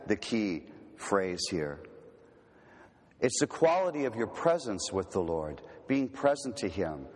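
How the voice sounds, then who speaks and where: A man giving a teaching talk on prayer, gentle and unhurried, slowing and softening on key words. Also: on the low side, husky. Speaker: retreat speaker. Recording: long hall reverb.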